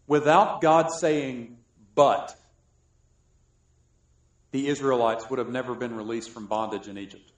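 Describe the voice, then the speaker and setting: A man from South Carolina preaching a sermon, joking and swinging between loud and soft. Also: medium pitch. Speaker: pastor. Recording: echoey room.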